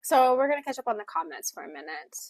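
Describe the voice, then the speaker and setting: Her pitch runs high with big swings as she co-hosts a casual book discussion, talking while signing and voicing for a signing co-host. She speaks haltingly, correcting herself along the way, in a dry recording.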